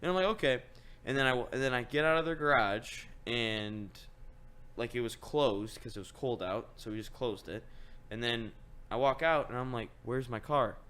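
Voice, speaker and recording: A young man telling stories in a casual podcast chat, middle-pitched and easygoing. He rambles with plenty of "like" and "whatever", and his voice rises when he gets to the annoying part. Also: normal speed, fairly bright tone, smooth. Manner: rambling storyteller, voice rises when retelling his own frustration. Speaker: podcast host.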